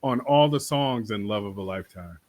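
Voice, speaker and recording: A man's voice: lowish voice, moderate pace, no room sound. A man from Boston, an actor guest telling stories in a casual interview, rambling and laughing often.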